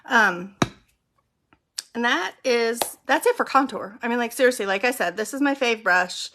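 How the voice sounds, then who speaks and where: A woman's voice: a little high, animated, moderate pace, background noise. A middle-aged woman hosting a makeup tutorial, explaining each step in a casual, chatty way as she applies it. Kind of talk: casual how-to demonstration.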